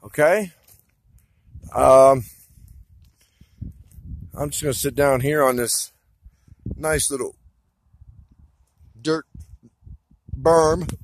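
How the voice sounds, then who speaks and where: A man recording a rambling walk-and-talk vlog outdoors, speaking straight to an absent listener, halting with many fillers and restarts. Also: on the high side, steady tone. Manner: talks directly to an absent listener. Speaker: vlogger. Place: outdoors in open desert country. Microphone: phone or camera held while walking.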